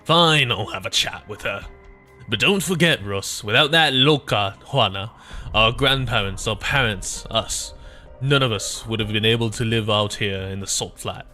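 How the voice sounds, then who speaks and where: Guy doing a calm loyal pirate sailor, firm, bright edgy tone. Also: fairly low pitch, moderate pace, soft background music. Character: steady loyal male pirate crewman.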